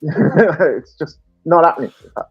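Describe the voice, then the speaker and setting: A man's voice: a little high, unhurried. A man with a Stoke-on-Trent English accent, chatting casually and telling anecdotes with frequent laughs. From England. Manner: chatty storyteller, laughs often. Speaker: podcast guest. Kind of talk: casual chat. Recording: dull lo-fi dry mic with faint music.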